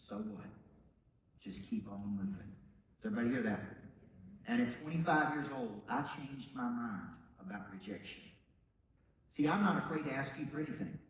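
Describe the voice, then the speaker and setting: A middle-aged man with a Southern accent giving an emphatic motivational talk, dropping low and quiet, then rising loud and bold. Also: slight background noise. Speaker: motivational speaker. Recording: echoey hall, from far off.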